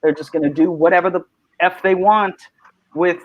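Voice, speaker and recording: A man hosts a casual online panel chat, his voice sitting a little high as he rambles along in animated bursts. The sound is muffled and lo-fi. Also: moderate pace. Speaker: host. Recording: muffled lo-fi mic.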